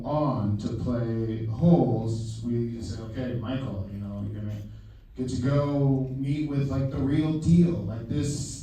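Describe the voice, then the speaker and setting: A man's voice: medium pitch, warm tone. A man directing a film, talking loosely at a live Q&A with many fillers and restarts, laughing easily. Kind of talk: casual live Q&A talk. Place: large theater stage. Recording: far-off mic in an echoey theater with faint noise.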